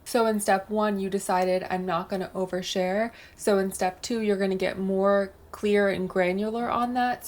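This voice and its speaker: A young adult woman talking straight to camera, giving brisk step-by-step coaching advice on self-help. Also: mid-range voice, a little mellow. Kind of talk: direct-to-camera advice monologue.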